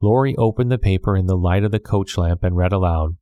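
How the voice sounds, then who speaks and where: A man reading a classic novel aloud as scripted storybook narration, measured and clear. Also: low voice, dark tone, dry recording, clean studio sound. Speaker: audiobook narrator.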